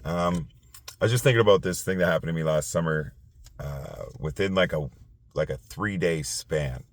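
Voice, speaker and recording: Tired guy rambling late at night, super deep voice, dry close sound. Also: no echo. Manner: rambling, halting with many fillers and restarts. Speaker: podcast host. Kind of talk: casual late-night monologue.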